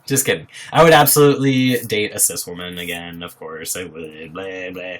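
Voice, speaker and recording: A livestreamer from Iowa, USA, speaks in a low-pitched voice at a moderate pace. He chats casually, reading viewer comments aloud and answering them with frequent laughs.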